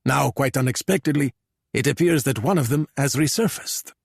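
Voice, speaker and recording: A man's voice: medium pitch, moderate pace, gravelly, breathy edge, no room sound, voice pushed up. A man voicing a courtly older male police general with a dry wit. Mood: grave. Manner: courtly, dryly witty.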